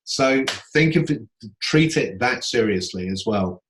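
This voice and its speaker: This is a man with a mid-range voice who is hosting a songwriting Q&A. He talks earnestly and casually over a video call and keeps reaching for everyday examples to make his points clear. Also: medium pitch, expressive, low-quality recording. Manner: earnest, explains with everyday examples and quick laughs. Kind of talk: casual coaching talk.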